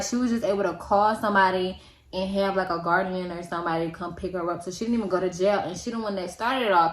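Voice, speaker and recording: A young woman telling a casual storytime, slangy and animated, acting out the people in it with big jumps in pitch. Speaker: vlogger. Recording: echoey room with faint ambience.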